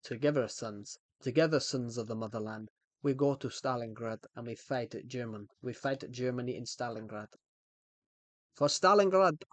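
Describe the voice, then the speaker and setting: A man's voice: medium pitch, moderate pace, no echo, close to an everyday voice. A man putting on a Russian accent to voice a blustering male president who proclaims and rallies troops. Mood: rousing. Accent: put-on Russian. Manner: rousing, proclaiming.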